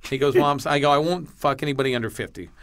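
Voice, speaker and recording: A male comedian guesting on a podcast, telling a story with blunt, animated delivery, acting out both sides of the dialogue and swearing freely. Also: medium pitch, racing.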